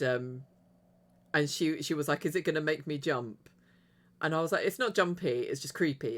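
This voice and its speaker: A woman livestreaming a video game, chatting casually to her viewers in a rambling way and giggling often. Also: extremely low pitch. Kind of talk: casual chat while streaming a game.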